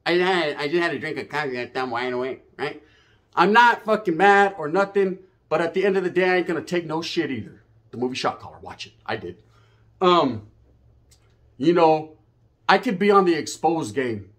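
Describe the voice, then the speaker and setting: Brief: man ranting on his channel, cussing and confrontational, slightly higher voice. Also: animated, moderate pace, a bit bright. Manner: profane, confrontational, swaggering. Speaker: YouTuber. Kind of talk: ranting monologue to camera.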